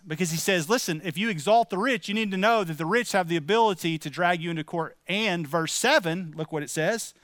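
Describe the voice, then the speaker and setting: A middle-aged man preaching a sermon in a church, talking straight to the congregation with questions and stern emphasis. His voice sits high and rings smooth and clear. The sound is close and dry, with little room echo. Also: fairly bright tone. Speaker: pastor. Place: church sanctuary.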